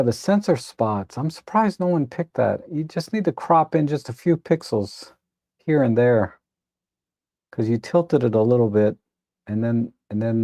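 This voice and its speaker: A man hosting a live photo editing stream, reviewing viewers' edits in a relaxed, rambling way with many restarts. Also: mid-range voice, no room sound, clean studio sound. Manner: relaxed, rambling, self-correcting with frequent restarts; tired, admits yawning. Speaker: photo editing livestream host. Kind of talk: casual live commentary.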